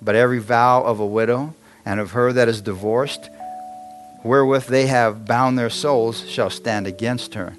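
A middle-aged man preaching in a church, with an easy conversational manner that keeps checking in with the congregation. His pitch sits in an ordinary middle range, and soft instrumental music plays faintly behind him. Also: steady tone, normal speed. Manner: conversational preaching, asks the congregation frequent questions. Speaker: pastor. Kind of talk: sermon.

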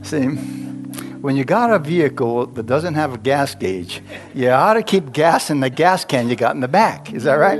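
In a mid-range voice, a male pastor shares a personal story during a sermon, chatting, laughing often, and asking the congregation questions.

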